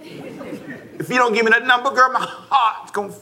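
A swaggering teenage boy trying his lines on a girl in the school hallway, as a pastor acts him out. His voice jumps up high and loud, full of cocky slang. It is a sermon-style put-on with plenty of bravado. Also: fairly even intonation, normal speed, slight background noise, full character voice.

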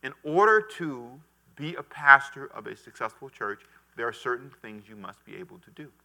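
A middle-aged man preaching a lively sermon as pastor, calling on the congregation to repeat after him. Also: medium pitch, normal speed, vocal fry. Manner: animated preaching with call-and-response to the congregation.

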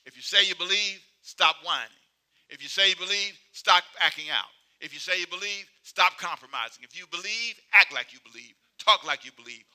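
A male preacher with a high, piercing, sharply bright voice delivers a sermon. He hammers repeated phrases in call-and-response style, pushing hard one moment and dropping to a low murmur the next. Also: animated, brisk. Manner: swings between loud exhortation and quiet, low asides.

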